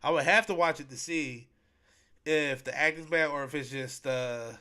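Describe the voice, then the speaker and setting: A man's voice: on the high side, moderate pace, sharp tone. Rambling slangy podcast host, man. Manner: rambling and repetitive, heavy slang and fillers. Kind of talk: casual solo podcast chat.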